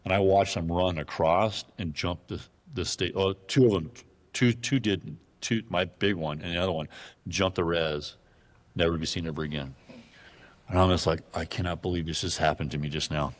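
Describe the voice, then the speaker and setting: A man telling a hunting story in a casual interview, animated and profane, acting out the voices of the people in it. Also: low voice, normal speed. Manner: animated, profane, acts out dialogue in his stories. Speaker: guest.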